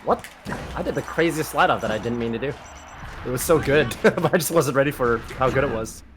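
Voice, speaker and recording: Talking a little fast in a medium-pitched voice, a man co-hosts a casual gaming stream, thinking aloud, chatting freely, and laughing frequently, with faint music beneath.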